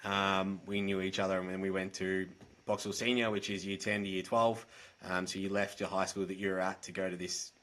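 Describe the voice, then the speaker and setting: A man's voice: low-pitched, level tone, fairly quick, fairly bright tone. A man with an Australian accent, a guest on a podcast, talking in a candid, earnest and direct way over a video call. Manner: direct, earnest, plain-spoken. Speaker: podcast guest, mental health advocate. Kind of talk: candid conversational storytelling.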